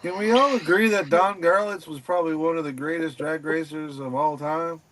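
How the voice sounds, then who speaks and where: A man's voice: fairly high pitch, moderate pace, fairly bright tone. A man in casual chat, asking earnest questions. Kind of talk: casual chat on a live stream.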